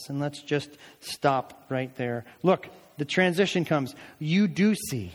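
A man's voice: fairly high pitch, animated, takes it slowly, hardly any pauses. A male pastor preaching a sermon, rising into emphatic calls during prayer passages. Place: church sanctuary. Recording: long church hall reverb.

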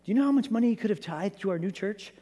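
A man's voice: high voice, expressive, rapid-fire, mellow, in a large hall, highs cut off, voice pushed up. A man voicing a group of baffled male disciples who protest in rising, incredulous questions.

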